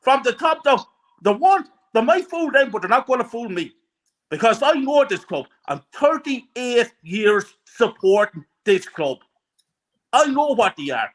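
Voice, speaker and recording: Angry man in his forties, very high voice, swearing, ranting fan. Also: big pitch swings, unhurried, fairly bright tone, rough recording. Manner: furious, swearing, emphatic. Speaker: guest fan. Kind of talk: angry fan rant on a live stream.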